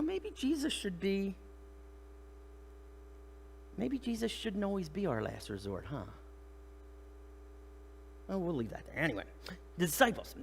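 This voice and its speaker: Middle-aged guy preaching in church, high voice, bounces all over, keeps asking the crowd stuff and acts out the characters. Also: vocal fry, in a large hall, a little hiss or hum. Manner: animated, acts out voices of the disciples and Jesus; conversational, asks the congregation rhetorical questions. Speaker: pastor. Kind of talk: sermon. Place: church sanctuary.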